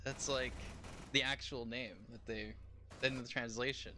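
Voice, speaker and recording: Young man, game streamer, casual rambling chat, laughs a lot, bright tone, faint background hiss. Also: medium pitch, steady tone, a little slow. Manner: rambling, chatty, laughs often. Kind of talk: casual live-stream chat while playing.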